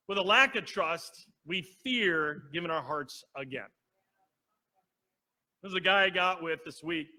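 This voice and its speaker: A man preaches in a church with a bright, ringing tone. He talks casually, telling a story, putting on the voices of other people, and checking in with the congregation. His voice sits high for a man. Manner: storytelling, acts out quoted voices, asks the congregation. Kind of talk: conversational sermon. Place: church sanctuary.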